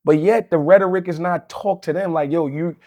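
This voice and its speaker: New dude arguing his point, blunt and cussing, kinda higher voice. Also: fairly even intonation, a little fast, darkish tone. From Queens, New York. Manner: blunt, profane, argumentative. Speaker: union leader guest. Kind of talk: casual interview talk.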